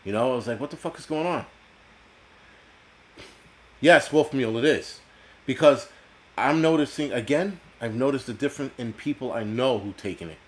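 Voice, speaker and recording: A man's voice: medium pitch, fairly quick. A man from the United States hosting a live stream, ranting bluntly and profanely as he answers chat. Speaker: host.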